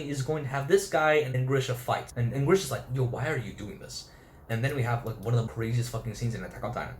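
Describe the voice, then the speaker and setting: A man's voice: mid-range voice, roomy sound, slight background noise. A man giving a casual, chatty review of an anime episode, swearing freely and acting out characters' lines. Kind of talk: casual video review commentary.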